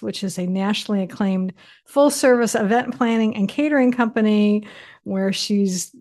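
A woman hosts an interview show and introduces her guest with eager, complimentary warmth. Her pitch sits in the middle range. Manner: enthusiastic, complimentary. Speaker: podcast host.

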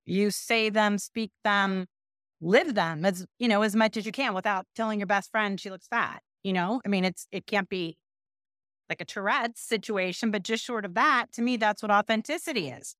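As a guest on a podcast, a middle-aged business owner from Pasadena, California speaks at a normal pace in a medium-pitched voice. Her storytelling is chatty and self-deprecating, sprinkled with animated quotes, and the studio sound is clean and echo-free.

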